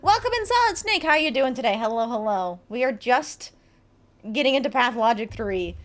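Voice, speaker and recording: Woman streamer, animated and profane, pitched high, talks to chat while playing. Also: a little fast. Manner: animated, swears casually, reads game dialogue aloud. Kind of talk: casual live-stream chat while gaming.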